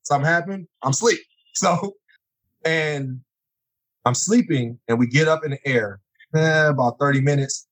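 A middle-aged man telling personal stories in conversation, acting out scenes with sudden high exclamations. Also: normal speed, fairly bright tone, rough recording. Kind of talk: animated storytelling in conversation.

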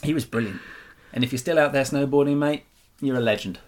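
Slow-drawling Norfolk man. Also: medium pitch. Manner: slow drawl, enunciated but unclipped words. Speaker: podcast co-host. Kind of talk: casual chat.

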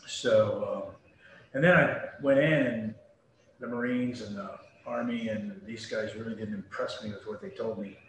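A middle-aged man with a slightly low voice tells his life story in a blunt, salty, rambling way. He sounds like a retired serviceman speaking candidly. The room is very reverberant, with a faint noise underneath. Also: steady tone, moderate pace. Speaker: guest, retired Air Force veteran.

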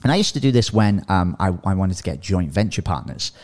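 A slightly low-voiced man coaches his listeners in a loose, chatty podcast style. He talks with animation, drops in "you know" and "right?" often, and slips into sample dialogues as he teaches. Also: big pitch swings, a little fast, darkish tone. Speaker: podcast host and business coach. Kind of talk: casual coaching talk.

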